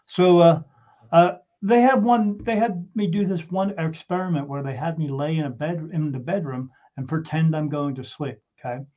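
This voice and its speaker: A man casually telling a personal story in an animated way, swearing freely and often restarting his sentences. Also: a little high, normal speed. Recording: dull lo-fi recording.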